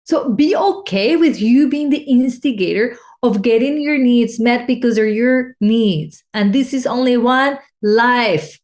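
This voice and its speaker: Heartfelt woman coach, fairly high voice. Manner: heartfelt, emotional, with restarts and lively rises. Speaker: life coach and podcast host. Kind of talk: reflective solo podcast talk.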